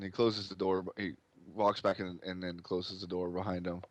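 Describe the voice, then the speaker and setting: A man's voice: low-pitched, flat delivery, normal speed, dry recording. A man narrating as game master in loose, casual speech with fillers.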